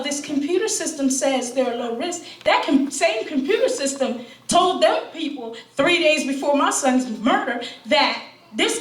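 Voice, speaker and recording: A grieving mother, a middle-aged woman, addresses a town hall in a high, emphatic voice. She mimics her opponents and presses hard with rhetorical questions. She is picked up from a distance in an echoey hall, with a faint crowd murmur underneath. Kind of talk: impassioned public testimony. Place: town hall meeting room. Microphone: distant room mic. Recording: echoey hall, speaker heard from afar.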